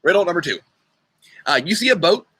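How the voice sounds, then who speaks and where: A man's voice: sits high, very animated, fairly quick, sharp tone, husky, no echo, rough recording. A young man leading an online youth group, chatting casually and playfully while he runs a riddle game over a video call. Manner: chatty, playful, talks to kids by name. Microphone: computer mic on a video call.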